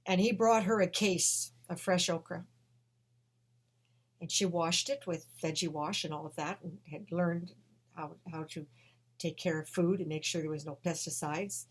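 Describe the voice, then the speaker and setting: A woman telling a personal story with emotion, swinging between hushed and loud. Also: lowish voice, unhurried, slightly rough.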